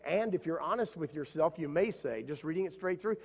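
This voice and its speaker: A male pastor preaching in a big reverberant church, his voice sitting fairly high. He tells stories with animation and jumps up in pitch whenever he voices a character. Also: lively intonation, brisk, gravelly, hardly any pauses, darkish tone, breathy edge. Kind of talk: sermon. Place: church sanctuary. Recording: long hall reverb.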